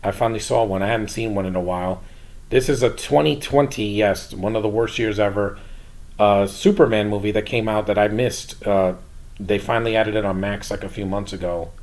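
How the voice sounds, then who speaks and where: Male vlogger, slightly low voice, loose rambling delivery, frank opinions. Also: fairly even intonation, fairly quick, a little mellow. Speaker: YouTube movie reviewer. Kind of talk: casual solo review.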